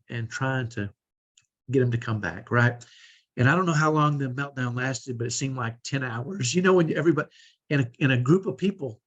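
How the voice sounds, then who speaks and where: This man's voice is husky and mid-range. Nursing a sore shoulder, he coaches parents by sharing a personal story, earnestly and conversationally, with plenty of restarts, teaching through anecdotes.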